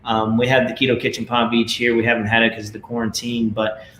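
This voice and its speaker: A man's voice: medium pitch, completely flat delivery, fast talker, a bit bright, slight background noise. Rambling man in an echoey room. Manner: rambling, many "um" fillers, preachy. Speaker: network marketing leader. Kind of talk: casual video talk to viewers. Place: home.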